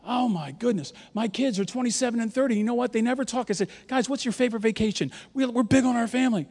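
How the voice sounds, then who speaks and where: High-voiced pastor in a reverberant church. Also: male voice, quick pace. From New York. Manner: animated, joking, leads the crowd in call-and-response. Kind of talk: sermon. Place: large church auditorium. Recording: long hall reverb from a large church.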